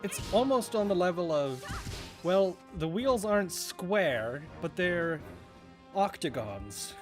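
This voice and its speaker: A man's voice: sits high, big pitch swings, slow, soft background music. A man from New Zealand streaming a game, chatting casually in a rambling, joking and profane way. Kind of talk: casual chat while gaming.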